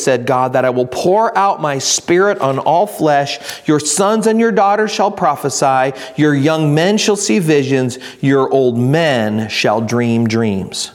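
A man preaching a sermon, reading scripture slowly and building to emphatic, raised delivery. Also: on the high side. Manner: reads scripture slowly and deliberately. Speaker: pastor.

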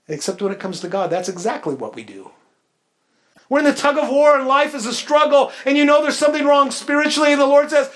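A male pastor delivering a sermon with a notably high voice. He moves from loud, lively stretches into soft, hushed prayerful ones. He talks in a friendly, storytelling way to a church. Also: a little fast. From Pacific Northwest, United States.

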